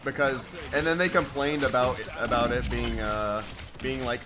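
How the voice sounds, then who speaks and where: A man's voice: medium pitch, normal speed, over music. Hesitant man with a stutter-prone ramble. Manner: hesitant, repeats words, casual swearing. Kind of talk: casual chat.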